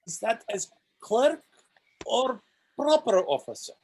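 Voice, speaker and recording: Un hombre interpreta a un presidente de consejo pedante y discutidor con un acento ruso exagerado a propósito. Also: male voice, very high voice, big pitch swings, takes it slowly, a little mellow, heavily acted, low-quality recording. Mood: argumentative. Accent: deliberately bad Russian accent. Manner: pedantic, argumentative. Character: stubborn pedantic male council chairman. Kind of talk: comic re-enactment.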